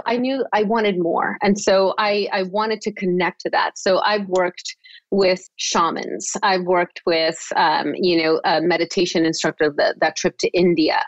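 A woman tells her own story as a podcast guest, with animated delivery and frequent laughs. She often repeats words as she restarts a thought. Her voice comes through a dull, lo-fi recording that sounds dry and close. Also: on the low side, dry recording. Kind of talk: personal storytelling in an interview.

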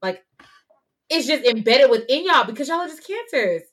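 Young woman, podcast co-host, blunt, lively storytelling, brilliant tone. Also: high-pitched, moderate pace. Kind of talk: casual chat.

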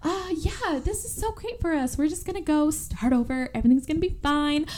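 Woman putting on a clingy twin sister, manic and falsely cheerful, high sing-song gush. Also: brisk, a little mellow, a little hiss or hum, close to an everyday voice.

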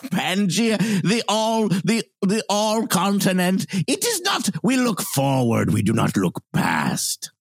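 Man playing an eager riddling bellhop, gravelly, animated, dry sound. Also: sits high, slow pace, few pauses, no room sound, heavily acted. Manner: speaks in riddles. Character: eager young male bellhop from the "old country".

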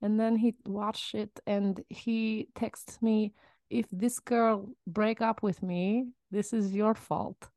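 A woman putting on an over-the-top fake Russian accent in a comedy podcast bit, slow and deliberate. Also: mid-range voice, steady tone, mellow, no echo. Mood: earnest. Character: woman faking a thick Russian accent, playing a dictator.

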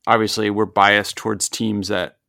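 A man hosting a casual sports podcast, chatty and opinionated with quick asides. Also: lowish voice, little pitch movement, creaky, pushed and bright, no room sound, clean studio sound.

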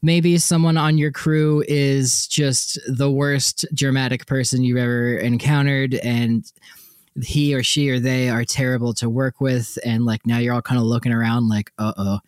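A man's voice: medium pitch, level tone, measured pace, clear, resonant tone, no room sound. A man co-hosting a casual podcast, joking and rambling with many laughs, on a close mic. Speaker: podcast co-host.

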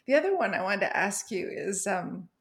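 A woman hosting a casual conversation, an animated storyteller who laughs often. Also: medium pitch, normal speed, gravelly. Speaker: podcast host.

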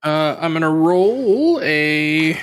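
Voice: medium pitch, lively intonation, slow pace. A player in a tabletop game who thinks aloud and hesitates while planning moves.

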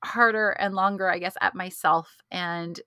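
Bright-voiced woman podcast co-host. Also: lowish voice, measured pace, clean tone, no echo, studio quality. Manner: animated storyteller, laughs often. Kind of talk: casual chat.

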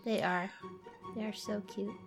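A woman's voice: mid-range voice, steady tone, a little slow, creaky, over music. Chatty woman podcast co-host. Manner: playful, chatty. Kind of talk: casual chat.

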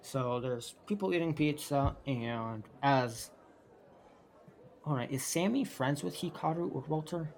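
A man narrating as game master of a tabletop role-play game, rambling and pausing to sort out details. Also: a little high, expressive, darkish tone, a little hiss or hum. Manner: rambling, with filler words and restarts.

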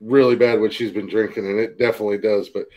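A man with an Ohio accent, hosting a crude casual podcast chat, loud and laughing often. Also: on the low side, little pitch movement, quick pace, lo-fi sound, a loud crowd. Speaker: podcast host.

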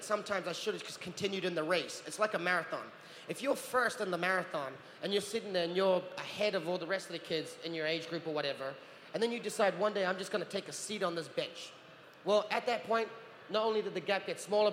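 A man in his thirties, a guest actor at a convention panel, telling lively anecdotes and acting out the people he quotes. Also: high-pitched. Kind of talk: Q&A storytelling. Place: large convention hall. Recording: echoey hall with long reverb, faint noise.

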